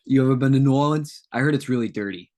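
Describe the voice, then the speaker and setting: A man's voice: medium pitch, quick pace, darkish tone. A man co-hosting a casual podcast, reading notes aloud with joking asides and tangents. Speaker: podcast co-host.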